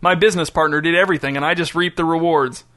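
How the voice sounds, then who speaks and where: A self-pitying retired businessman confesses and pleads, as a male audiobook narrator voices him. His manner is rueful. The voice is slightly high and forceful. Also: fairly even intonation, fast, lightly acted. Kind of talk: audiobook character voice.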